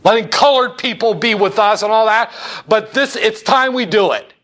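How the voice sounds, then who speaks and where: A man putting on a blustering older president, shouting and insisting. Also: high-pitched, moderate pace, voice pushed up. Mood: insistent.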